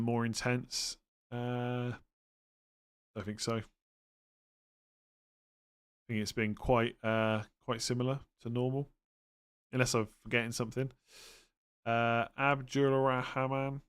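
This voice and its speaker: Speaking in a clear, resonant mid-range voice, a livestream host chats casually while answering viewers' fantasy football questions. He stays relaxed, working through each one aloud with filler words before landing on a fast verdict.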